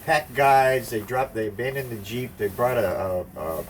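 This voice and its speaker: A man's voice: mid-range voice, normal speed. An older man telling a rambling, profane anecdote in casual conversation, acting out the voices of the people in it. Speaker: storyteller. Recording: distant mic with faint background noise.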